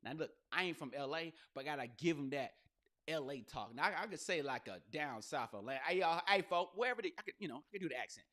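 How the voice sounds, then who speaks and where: A male podcast host and comedian delivering a loose, profane, riffing monologue, jumping into quick voices and asides. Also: fairly high pitch, animated, pushed and bright.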